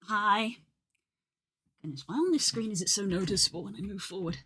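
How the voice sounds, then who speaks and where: Bright, rambling live streamer. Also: mid-range voice, lively intonation, very fast, husky. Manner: rambling, filler-heavy, self-deprecating. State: slightly out of breath. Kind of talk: casual live-stream chat.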